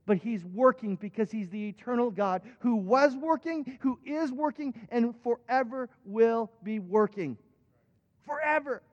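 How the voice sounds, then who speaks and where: A man's voice: sits high, darkish tone. A male pastor preaching a sermon with impassioned emphatic peaks. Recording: dull recording with long hall reverb.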